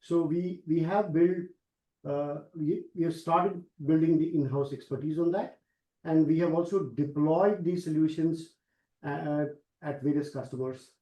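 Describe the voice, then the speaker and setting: A man with a mellow, somewhat high voice answers questions on an investor call. He hesitates and repeats words. The sound is roomy and echoey. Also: steady tone, measured pace.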